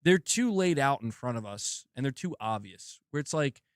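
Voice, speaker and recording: A man's voice: medium pitch, big pitch swings, normal speed, no echo, clean studio sound. Swearing laid-back guy with a sore throat. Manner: laid-back, swears a lot, laughs often. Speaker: gaming channel host. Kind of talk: casual livestream chat.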